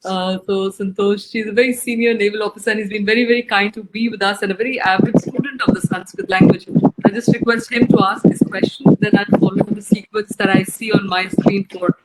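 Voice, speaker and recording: Woman, moderator, courteous, hesitant, loud background noise. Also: mid-range voice. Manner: polite, courteous, fills pauses with "uh". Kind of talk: moderating an online Q&A. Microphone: video call.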